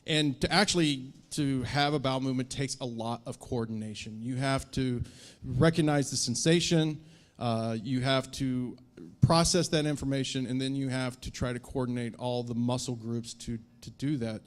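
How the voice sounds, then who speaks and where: A man's voice: mid-range voice, moderate pace. Man doctor giving practical advice. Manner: explanatory, practical advice to families. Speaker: doctor on a conference panel. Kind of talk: conference panel Q&A.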